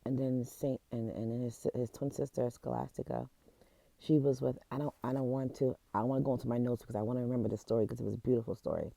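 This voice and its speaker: A woman in a casual vlog, retelling a story in an emotional, halting way, close to tears, with many restarts. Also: very deep voice, steady tone, creaky, mellow, no room sound. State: teary, close to crying. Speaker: vlogger. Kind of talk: casual chat.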